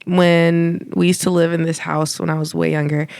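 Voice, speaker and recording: A woman telling a family ghost story on a podcast in a relaxed, chatty way, full of "like" and "you know". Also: lowish voice, normal speed, creaky, smooth, no echo, clean studio sound. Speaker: podcast co-host. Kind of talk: casual storytelling chat.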